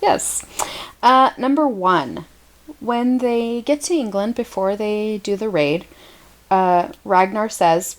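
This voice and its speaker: A woman's voice: medium pitch, takes it slowly. An American woman co-hosting a podcast, chatting casually and laughing often. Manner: giggly, chatty. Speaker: podcast co-host. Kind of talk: casual chat.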